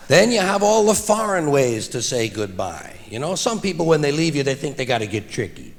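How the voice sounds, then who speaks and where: A man doing a stand-up comedy routine on stage, with a wry, deadpan delivery that builds to loud punchlines, recorded live for a vinyl album. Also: a little high, brisk, few pauses, some chatter behind, slight background noise. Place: theater stage before an audience. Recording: live vinyl recording with long hall reverb and audible audience.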